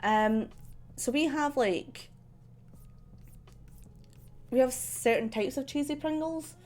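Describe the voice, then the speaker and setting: A young woman with a high voice takes her time, chatting as she draws on a stream. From central Scotland, with a softened, slightly posh accent, she rambles, laughs often, and uses many ums and likes.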